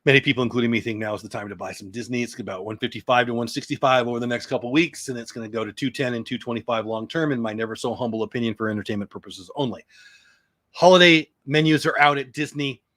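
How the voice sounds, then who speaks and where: A man's voice: mid-range voice, fast talker, fairly bright tone, dry recording. A middle-aged man hosting a casual morning news show, rambling through long lists and joking about his own pronunciation. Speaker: show host.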